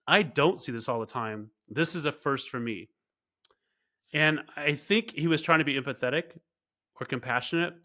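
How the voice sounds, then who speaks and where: A man's voice: mid-range voice, pushed and bright. A middle-aged man, a guest on an interview show, telling a personal story earnestly, with many fillers and restarts. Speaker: guest, cybersecurity expert. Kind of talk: conversational storytelling.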